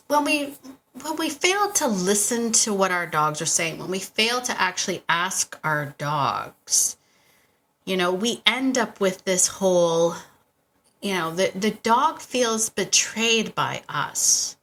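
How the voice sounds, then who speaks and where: A woman's voice: medium pitch, fairly bright tone. A woman hosting her podcast from a home podcast room, talking casually and animatedly with many asides and self-interruptions. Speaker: podcast host and dog trainer. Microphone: podcast microphone on a stand.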